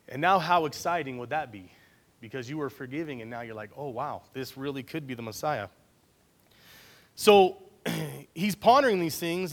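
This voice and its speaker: A man preaching a conversational Bible-study sermon, often checking in with his listeners by asking "right?". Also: fairly high pitch.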